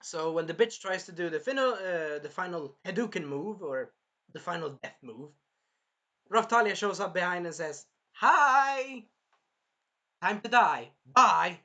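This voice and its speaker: A man excitedly recapping an anime episode on camera, swearing, apologizing and acting out the scenes. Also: high-pitched, moderate pace. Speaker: anime reviewer.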